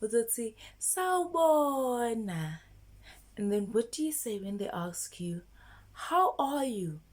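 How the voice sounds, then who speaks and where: A woman's voice: fairly high pitch, big pitch swings. A woman teaching children, prompting them to repeat after her and praising them. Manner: slow, sing-song, encouraging repetition prompts. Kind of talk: children's language lesson.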